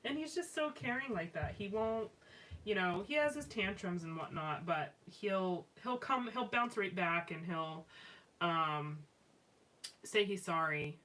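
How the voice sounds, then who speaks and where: A woman's voice: lowish voice, a little slow, bright, forceful tone. A woman chatting casually and rambling as she scrapbooks live on a stream, with many fillers and restarts. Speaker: live-stream craft host. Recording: slightly distant mic with faint background noise.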